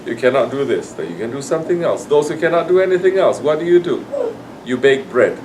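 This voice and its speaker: A man's voice: medium pitch, very animated, fairly quick, darkish tone, recorded from a distance, a little hiss or hum, low-quality recording. A man giving a sermon to his congregation, scolding and acting out people's excuses. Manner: admonishing, acts out quoted excuses. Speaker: sufi sheikh.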